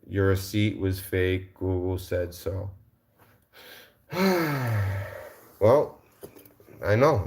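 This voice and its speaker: A male livestream host answering his chat in a combative, mocking rant, repeating his insults. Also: fairly low pitch.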